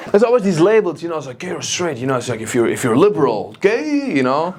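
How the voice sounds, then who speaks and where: A man from Germany with a German accent doing stand-up crowd work, animated and teasing, live on a club stage. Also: a little high, quick pace. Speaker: stand-up comedian. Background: audience laughter.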